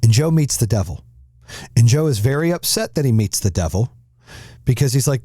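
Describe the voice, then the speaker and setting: Middle-aged male host, lively swooping delivery, dark voice, pushy and profane. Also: medium pitch, fairly quick, pauses often, breathy edge, dry recording, studio quality. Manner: animated, profane, pushy questioning. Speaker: podcast host. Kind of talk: casual banter.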